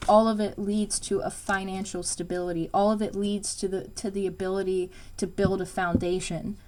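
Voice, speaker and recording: A woman talks through a tarot reading in a loose, rambling way, dropping fillers and swearing for emphasis. Her voice sits at an ordinary middle pitch. A faint background noise runs under the recording. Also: flat delivery, normal speed. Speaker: tarot reader. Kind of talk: casual spoken tarot reading.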